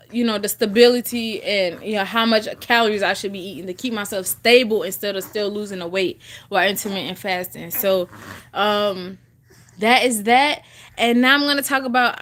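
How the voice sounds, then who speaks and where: A woman's voice: mid-range voice, a bit bright, slight background noise. A woman in her twenties chatting casually to her viewers, full of fillers and restarts, chewing gum as she talks. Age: 20s. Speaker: vlogger. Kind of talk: casual chat to camera.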